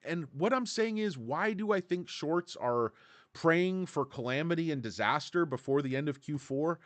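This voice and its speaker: Male streamer, lively swinging pitch, dry close mic, sarcastic casual rant. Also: normal speed, dry recording. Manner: animated, sarcastic, mocks analysts with put-on voices. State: tired. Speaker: stock commentary livestream host.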